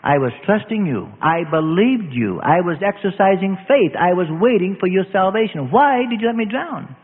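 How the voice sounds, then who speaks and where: A man's voice: high voice, big pitch swings, normal speed, slightly rough, exaggerated voice. A man voicing a stubborn, devout man who insists the Lord will save him, with insistent, pious protests. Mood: pleading. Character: stubborn devout older man on a flooded roof. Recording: tinny lo-fi radio, long hall reverb.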